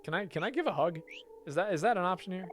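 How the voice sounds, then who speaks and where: A woman's voice: on the low side, animated, fast talker, faint music behind. A woman streamer giving casual let's-play commentary with chatty, self-mocking asides.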